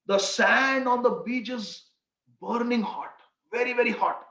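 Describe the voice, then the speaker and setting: Very high-voiced man telling a sermon story. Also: unhurried. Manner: animated, repeats phrases. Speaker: preacher. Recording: echoey, dull sound.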